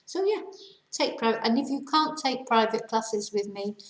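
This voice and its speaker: A woman with an English accent, a language teacher giving tips in a slow, clear and deliberate way, her voice moving up and down. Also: fairly high pitch. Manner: slow, clear and deliberate, with lively ups and downs. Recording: echoey room.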